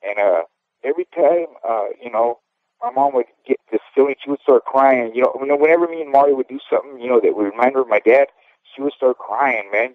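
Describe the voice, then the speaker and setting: Brisk and expressive, a man with a mid-range voice talks on a tinny, dry phone line. In his fifties and formerly a boxer, he speaks candidly and at length in a casual interview, regularly tagging his remarks with "okay?"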